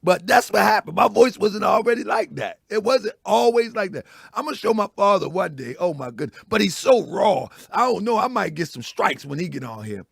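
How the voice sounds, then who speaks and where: A man with a raspy voice hosting a casual morning show, telling stories loudly and laughing as he goes. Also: sits high, moderate pace, few pauses, dry recording, clean studio sound. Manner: loud, animated storytelling with laughs. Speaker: host.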